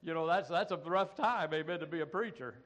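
A middle-aged American pastor preaching a folksy sermon, peppered with "amen" and "come on" asides. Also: male voice, on the high side, moderate pace, a bit bright, low-quality recording.

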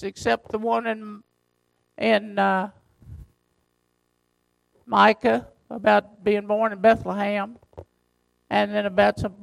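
A man pastor preaching a sermon, reading scripture slowly and driving his points home with emphasis. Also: very high-pitched, gravelly, a bit bright, dry recording, rough recording.

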